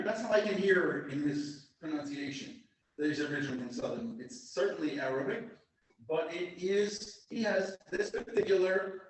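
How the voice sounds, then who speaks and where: Male lecturer, fairly high voice, lively and rambling storyteller; very echoey room, mic far away. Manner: animated, digressive storyteller. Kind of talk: informal lecture with anecdotes.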